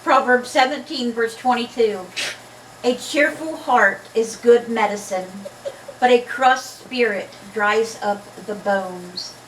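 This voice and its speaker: A woman's voice: on the high side, takes it slowly, slight background noise. A woman with a slight lisp reads Bible passages aloud in a casual vlog and chats and jokes between the readings. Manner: chatty, joking between readings. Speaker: Bible reader. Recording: echoey room, far from mic.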